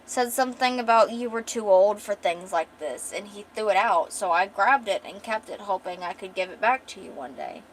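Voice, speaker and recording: A woman voicing a gentle, protective young man in her comic story, speaking softly and reassuringly. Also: mid-range voice, normal speed, hardly any pauses, a little hiss or hum, close to an everyday voice, rough recording. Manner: soft reassuring quoted lines.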